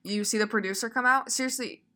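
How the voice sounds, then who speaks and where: A woman's voice: a little high, quick pace, sharp tone. A woman co-hosting a casual podcast chat, chatty, with lots of filler words and laughs. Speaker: podcast co-host.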